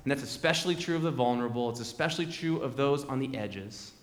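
A man's voice: medium pitch, fast. A man preaching a sermon as pastor, conversational and fond of repeated refrains, in a large church sanctuary. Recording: echoey hall with long reverb.

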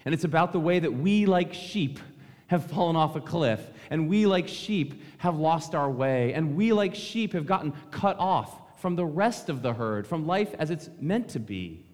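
A male pastor gives a Christmas Eve sermon, telling a relaxed story and speaking to the children. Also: on the high side, unhurried. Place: church sanctuary. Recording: long church reverb.

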